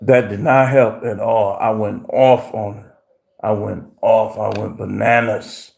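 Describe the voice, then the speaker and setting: A man hosting a livestream, telling stories in a profane, animated rant with voiced impressions. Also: fairly low pitch, a little slow, vocal fry. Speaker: livestream host. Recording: roomy echo.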